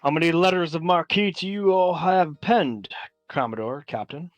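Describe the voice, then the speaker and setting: A man's voice: fairly high pitch, normal speed, dry recording. A man narrating as game master of a tabletop game, talking loosely with many fillers.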